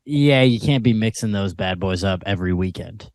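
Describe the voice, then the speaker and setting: A man's voice: fairly low pitch, animated, moderate pace, darkish tone, no room sound, clean studio sound. A young man co-hosting a comedy podcast, teasing his friend in casual chat and laughing often. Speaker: podcast co-host.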